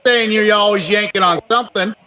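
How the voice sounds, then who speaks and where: High bright crude-joking man, lo-fi sound. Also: fairly quick. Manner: crude, laughing, teasing. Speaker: podcast host. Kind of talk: casual banter.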